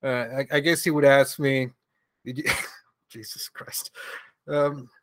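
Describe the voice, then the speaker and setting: A man's voice: medium pitch, takes it slowly, no room sound. Venezuelan guy on a podcast, laughs a lot, drops f-bombs, dry close sound. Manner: relaxed, hesitant, laughs often, swears freely. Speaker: guest, comic creator. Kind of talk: casual interview chat.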